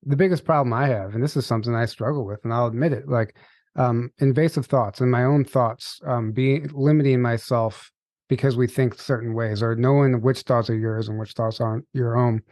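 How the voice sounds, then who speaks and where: A man's voice: mid-range voice, steady tone, normal speed, darkish tone, no echo. Candid podcast host man, dry sound. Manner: candid, searching, hesitant. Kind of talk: casual conversational interview.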